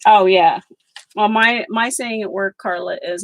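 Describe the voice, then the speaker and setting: A woman's voice: medium pitch, unhurried, dry recording, low-quality recording. Outspoken middle-aged woman crafting and chatting. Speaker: craft vlogger. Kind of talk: casual chat while crafting.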